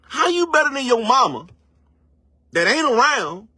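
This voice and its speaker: Preachy and drawn-out, this man's motivational rant is casual, profane, and packed with slang and rhetorical questions as he stretches words for emphasis. He speaks in a very high, bright, forceful, husky voice with big pitch swings. The online commentator was recorded dry, with studio quality.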